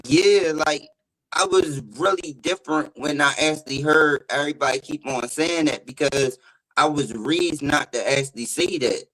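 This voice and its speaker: A man's voice: a little high, moderate pace, a bit bright, low-quality recording. Rambling man. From Baltimore. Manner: rambling, says 'like' constantly. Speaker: panel guest. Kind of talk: casual storytelling.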